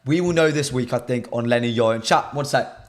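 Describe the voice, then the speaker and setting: Hoarse man chatting to a live stream. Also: mid-range voice, brisk. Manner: chatty, repeats himself, talks to chat. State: voice shot. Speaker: football channel presenter.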